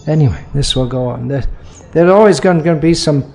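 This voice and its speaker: A man teaching in a question and answer talk, his voice mellow and a touch higher than most. He explains in a measured way and often restarts his sentences as he works a point through. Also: creaky, slight background noise.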